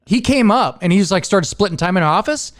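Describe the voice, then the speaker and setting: A man hosting a podcast, chatting casually and telling lively work stories, acting out what coworkers said. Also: high-pitched, brisk. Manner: animated storyteller, acts out quotes of coworkers. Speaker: podcast host. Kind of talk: casual chat.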